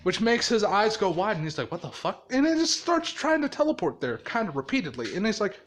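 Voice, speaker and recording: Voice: mid-range voice, sing-song, a little fast. A storyteller improvising a story in a casual way, laughing often and swearing heavily.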